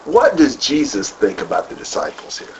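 A man's voice: mid-range voice, sing-song, moderate pace. A man leading a group Bible study, who asks questions, then repeats and expands on the answers. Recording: dull lo-fi room recording with faint noise.

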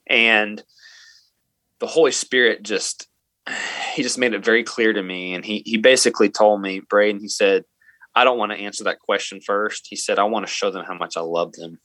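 A man tells a story from his teaching life in an earnest, halting way, often restarting his sentences. His voice sits a little low but sounds bright and forceful. The recording is dry and close. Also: fairly even intonation, no echo. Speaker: middle school math teacher, interview guest. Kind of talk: storytelling in a podcast interview.

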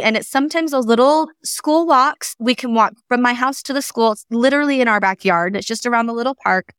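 A woman in her thirties hosting a casual chat, animated and full of fillers. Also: fairly high pitch, fairly quick, hardly any pauses, smooth, no echo, studio quality. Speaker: host.

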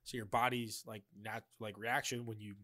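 A man's voice: on the low side, flat delivery, moderate pace, bright, forceful tone, no room sound, clean studio sound. A young man in casual chat, rambling and profane, explaining things in a laid-back way.

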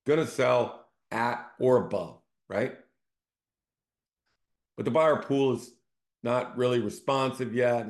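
A man hosting his own show, talking in a casual, conversational storytelling way and often checking in with his listeners. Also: lowish voice. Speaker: real estate team CEO hosting a show.

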